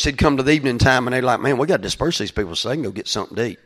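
A man preaching in a loose, conversational way, stumbling over restarts and fillers. His voice sits in a middle pitch and climbs louder and more urgent as he presses a point. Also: lively intonation, rapid-fire, few pauses. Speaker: pastor. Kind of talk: sermon.

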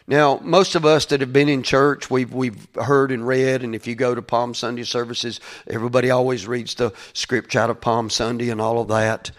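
A man, preaching a conversational sermon full of restarts, building to louder passionate peaks. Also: mid-range voice. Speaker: pastor.

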